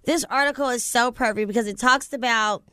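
A woman's voice: on the high side, brisk, sharp tone, clear, resonant tone, no room sound, studio quality. A woman cohosting a podcast, sassy and playful as she walks through a story. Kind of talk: casual radio-style show banter. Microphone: studio microphone.

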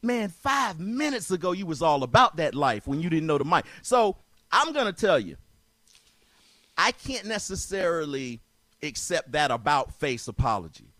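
A man hosting a talk show makes his case insistently, repeating himself and cutting in on the other voice. His voice sits a little high. The sound is dry, with no room echo. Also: big pitch swings, normal speed, fairly bright tone. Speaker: podcast host. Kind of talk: heated debate.

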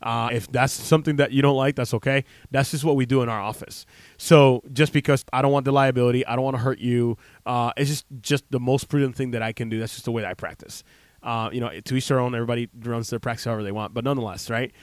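A man's voice: mid-range voice, steady tone, fast talker, dry recording. A man in his thirties, a chiropractor hosting a radio talk show, speaking casually with many fillers and restarts into a close studio mic.

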